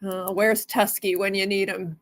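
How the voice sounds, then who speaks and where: A woman's voice: mid-range voice, level tone, moderate pace. A woman hosting a live stone sale stream, chatting casually and greeting viewers by name.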